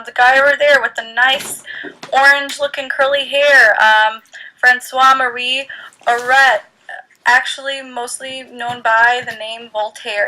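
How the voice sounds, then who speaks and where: A woman's voice: fairly high pitch, pushed and bright, low-quality recording. A young woman teacher from the United States giving a chatty, informal history lecture full of ums.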